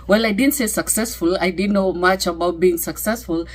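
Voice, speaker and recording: A middle-aged woman with a Kenyan accent shares a personal testimony in a conversational way. Her voice is lowish with fairly even intonation, at a moderate pace with hardly any pauses, and full of fillers and tag questions like "okay?"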